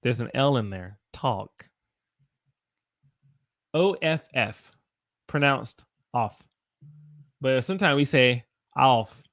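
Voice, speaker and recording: A man with a Southern American accent, from the Southern United States, leads a live-stream pronunciation class, stretching each example word out slowly. His mid-range voice is expressive and fairly bright.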